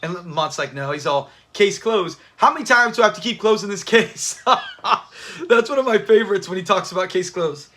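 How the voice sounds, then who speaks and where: Man, high bright voice, casual livestream host, laughs a lot, chats with viewers. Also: expressive, moderate pace. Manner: chatty, laughs often, talks to the live chat. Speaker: channel host. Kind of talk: casual livestream watch-party chat.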